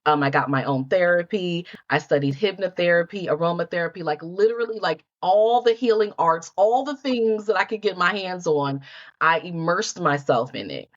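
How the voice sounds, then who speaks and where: A woman's voice: fairly low pitch, animated, moderate pace, lo-fi sound. A middle-aged woman, a healer and life coach, telling her story in a podcast interview and acting out her own past thoughts.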